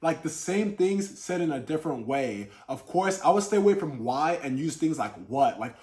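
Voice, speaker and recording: A man's voice: fairly high pitch, lively intonation, moderate pace, darkish tone. A man giving earnest Christian relationship advice to camera, addressing his viewers as brothers in a coaching talk. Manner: demonstrates tone of voice in examples.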